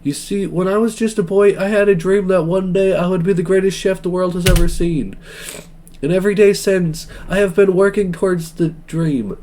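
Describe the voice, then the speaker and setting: A grandiose young chef from a dating game who declares his dreams with pompous theatre, voiced by a man. His voice sits high, with a warm, mellow tone. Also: steady tone, moderate pace, slight background noise, close to an everyday voice.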